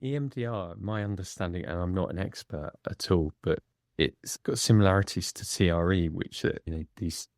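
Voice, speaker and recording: A man speaking as a podcast guest in a candid conversation, measured and reflective, pausing between phrases. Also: sits low, no echo, clean studio sound.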